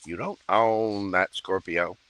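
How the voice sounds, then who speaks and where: A man's voice: deep voice, steady tone, slow pace, background noise. A man reading tarot on a livestream, joking and chatty in a playful mood. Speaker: tarot reader.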